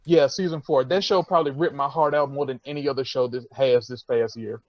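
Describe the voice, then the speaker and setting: A man's voice: mid-range voice, fairly even intonation, a little fast, dry recording, muffled recording. A man co-hosting a casual roundtable chat, talking frankly and rambling with lots of fillers and swearing. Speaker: podcast co-host.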